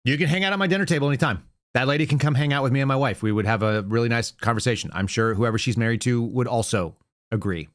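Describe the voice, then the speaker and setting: A man's voice: mid-range voice, quick pace. A man hosting a podcast, giving casual political commentary in a conversational way, with fillers and self-corrections. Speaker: podcast host.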